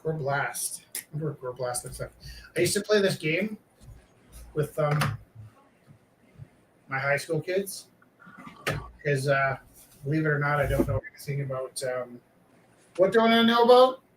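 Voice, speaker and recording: Man, casual rambling talk, lots of fillers, slightly high voice, echoey room, mic at a distance. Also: lively intonation, a little slow, long pauses. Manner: rambling, chatty, trails off with fillers. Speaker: live-streaming artist. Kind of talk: casual chat while drawing. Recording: echoey room, mic far off, faint noise.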